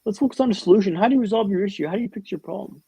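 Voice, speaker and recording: A man telling a vivid, humorous story with dramatic pauses as a guest in a podcast interview, on a dull, lo-fi recording. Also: high voice, warm tone, slightly rough, no echo.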